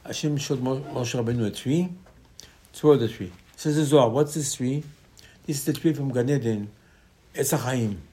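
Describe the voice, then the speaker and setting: A man preaching a Torah lesson. His voice sits at an ordinary middle pitch, jumping to loud bursts and then dropping to hushed asides as he tells the stories. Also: moderate pace. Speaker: rabbi teaching Torah. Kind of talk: Torah class sermon.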